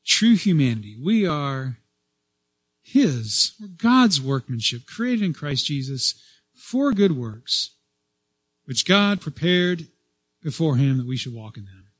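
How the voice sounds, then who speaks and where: A man preaching a sermon as pastor, stressing key phrases loudly, then dropping to a soft voice, and restarting phrases as he goes. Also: fairly high pitch, very animated, takes it slowly, slightly rough, dry recording. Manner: repeats and restarts phrases as he speaks.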